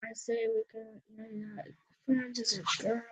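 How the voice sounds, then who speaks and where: High-voiced, slow, chatty woman gamer. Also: little pitch movement, husky, dry recording. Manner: self-mocking, chatty. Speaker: let's player. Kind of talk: reading a visual novel aloud with asides. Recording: dull, lo-fi, dry.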